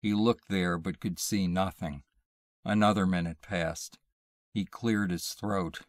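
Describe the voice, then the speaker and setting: A man reading a short story aloud in a measured, deliberate storytelling manner. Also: sits low, steady tone, no echo, clean studio sound. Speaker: audiobook reader.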